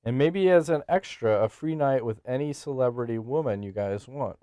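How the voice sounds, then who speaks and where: A brash, foul-mouthed man co-hosting a podcast. He talks in a middling voice, fast and loose, cracking jokes and laughing often. The close mic is dry, with no room sound. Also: medium pitch, warm tone, smooth, dry recording. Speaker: podcast co-host. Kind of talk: casual chat.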